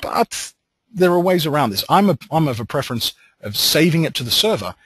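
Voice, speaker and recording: An Australian man leading a software training webinar, explaining steps with relaxed joking asides. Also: a little high, brisk, slight background noise, rough recording.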